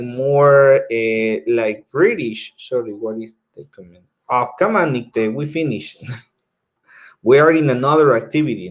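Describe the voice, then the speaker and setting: Slow-spoken patient male teacher. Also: medium pitch. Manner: patient, often checks in with "okay?"; explains step by step and repeats himself. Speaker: English teacher. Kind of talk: classroom instruction.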